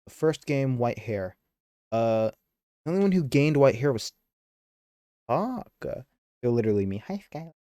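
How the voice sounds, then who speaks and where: A man's voice: mid-range voice, very animated, normal speed, long pauses, dark tone, no echo, clean studio sound. A man streaming a game live, reading its dialogue aloud and chatting between lines, easily sidetracked.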